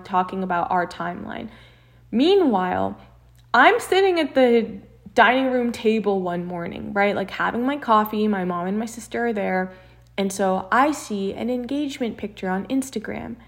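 A young woman telling a personal story in casual chat, acting out what others said. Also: mid-range voice. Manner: animated storyteller, acts out quotes.

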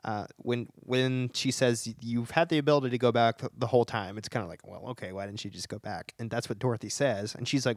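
A man's voice: mid-range voice, fairly even intonation, fairly quick, hardly any pauses, no room sound, studio quality. A man from Tennessee in casual conversation about a movie, enthusiastic and often laughing as he talks. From Chattanooga, Tennessee.

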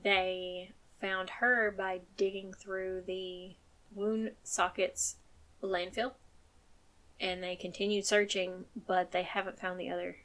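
A woman's voice: medium pitch, level tone, slow pace, fairly bright tone. A woman hosting a true crime podcast in casual chat, swearing freely and turning firm and emphatic when she gets angry. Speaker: podcast host.

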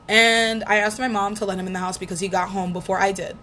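A woman's voice: medium pitch, steady tone, quick pace, pushed and bright, faint music behind. A young woman in her twenties, candidly recounting a painful first breakup in a casual, profane storytelling way. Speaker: vlogger. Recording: faint background noise.

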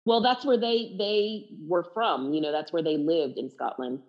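A woman's voice: fairly low pitch, expressive, normal speed, lo-fi sound. A woman in casual conversation about a TV series, frank and chatty, often correcting her co-host. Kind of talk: casual chat.

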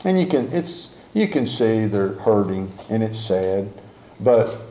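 A man's voice: on the low side, sing-song, slow, dark tone, a little hiss or hum. A man preaching a sermon to a congregation in a conversational way, repeating key phrases and correcting himself mid-sentence. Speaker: pastor. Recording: echoey room.

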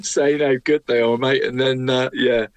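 A man's voice: mid-range voice, fairly even intonation, normal speed, clean tone. A man co-hosting a casual local football chat show, jovial and peppering nearly every sentence with "mate".

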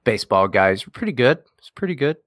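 A man's voice: medium pitch, big pitch swings, brisk, fairly bright tone, no echo. A man co-hosting a casual podcast, joking around and hesitating with many fillers. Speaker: co-host.

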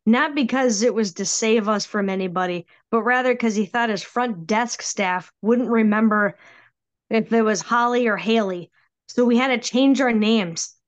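Lively woman telling a ghost story. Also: fairly high pitch, lo-fi sound. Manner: animated, acts out quoted voices. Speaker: guest storyteller. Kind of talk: casual storytelling.

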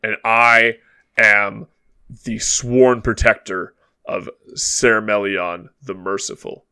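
A man voicing a huge, battle-weary warrior who serves as a sworn protector, declaring himself slowly and proudly. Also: on the low side, steady tone, bright, forceful tone, smooth, no room sound, full character voice.

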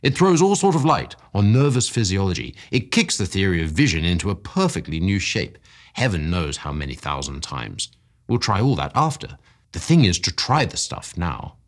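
A man voicing an excitable male scientist who talks fast and shouts in high, breathless bursts. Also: exaggerated voice. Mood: eager. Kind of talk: audiobook character voice.

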